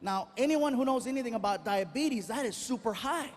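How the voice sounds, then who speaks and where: A man performing energetic live stand-up comedy on an arena stage, telling animated stories and often shouting to the audience. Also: very high voice, brisk. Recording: live arena recording with loud crowd and noise. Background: cheering and laughing audience.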